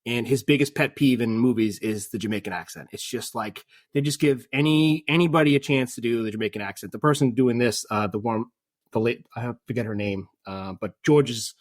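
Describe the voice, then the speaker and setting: A man co-hosting a casual movie podcast, talking in an animated way, laughing often and acting out characters' lines. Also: medium pitch, a little fast, no room sound, clean studio sound. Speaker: podcast co-host. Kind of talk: casual film review chat.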